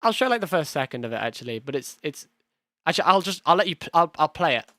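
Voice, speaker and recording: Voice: mid-range voice, big pitch swings, quick pace, a bit bright, no echo. A young streamer with a London accent close to Cockney, chatting loosely through a reaction stream, rambling, swearing and laughing easily. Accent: London, near Cockney. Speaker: streamer and actor in the series.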